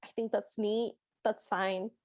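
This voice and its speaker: A woman's voice: mid-range voice, little pitch movement, measured pace, darkish tone, no echo, clean studio sound. A woman co-hosting a podcast, recapping a film in playful casual chat and laughing often. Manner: giggly, playful, reads out scenes. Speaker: podcast co-host.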